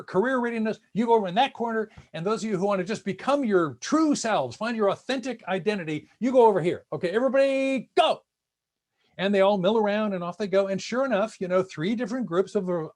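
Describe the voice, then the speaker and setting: Animated high-voiced man telling classroom stories. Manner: animated storyteller acting out quoted voices. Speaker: speaker. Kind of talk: lecture-style talk.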